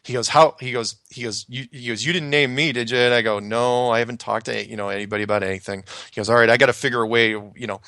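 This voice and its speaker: Gravelly man telling a story, dry sound. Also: medium pitch, fast, few pauses, no echo. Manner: animated, acts out quoted voices, laughs often. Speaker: storyteller guest recounting his past. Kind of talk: casual conversational storytelling.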